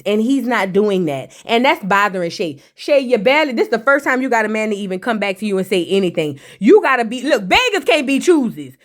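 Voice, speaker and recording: A woman giving a blunt, sassy, casual recap of a reality TV episode, throwing in mocking asides and slang. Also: a little high.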